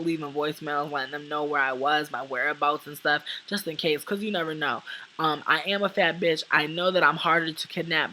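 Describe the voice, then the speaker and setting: A woman's voice: low voice, bright, forceful tone, slight background noise, low-quality recording. A young woman vlogger telling a long true story in casual, profane chat, acting out what people said to her.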